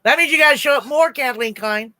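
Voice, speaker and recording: A woman in her sixties with a high, sharp-toned voice talks fairly quickly, with no echo, while hosting a crochet livestream. She tells stories casually to her live chat, laughs often, and responds to comments.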